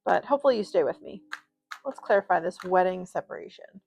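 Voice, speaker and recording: A woman's voice: on the low side, expressive, quick pace, creaky, darkish tone, breathy edge, lo-fi sound. A woman giving a casual spoken tarot reading, chatty and rambling, with many fillers and asides. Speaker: tarot reader.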